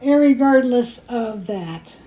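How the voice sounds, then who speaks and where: A woman's voice: on the high side, expressive, slow pace, mellow. A woman hosting a jewelry-making show, chatting in a rambling way and laughing at her own mispronunciations. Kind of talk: casual chat while crafting. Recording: echoey room with faint noise.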